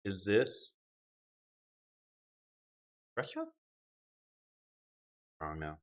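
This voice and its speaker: This young man's deep voice is bright and forceful, with lively intonation, as he rambles slowly through a relaxed live stream at his home gaming setup. He pauses often, speaking into a desk microphone and hopping from one viewer comment to another.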